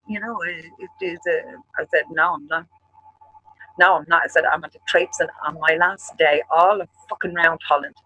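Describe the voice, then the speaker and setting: A man with an Irish accent, co-hosting a show and telling a long story, animated and full of swearing. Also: on the high side, breathy edge, low-quality recording. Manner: profane, animated storyteller acting out quarrels. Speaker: show co-host. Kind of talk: casual storytelling chat.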